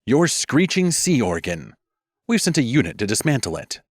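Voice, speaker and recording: A man voicing a young queen who speaks with crisp, cutting precision and shoots back hard. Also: medium pitch, sing-song, normal speed, dry recording, studio quality, voice pushed up. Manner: crisp, cutting, loud retorts. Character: cutting young female queen of stone nation.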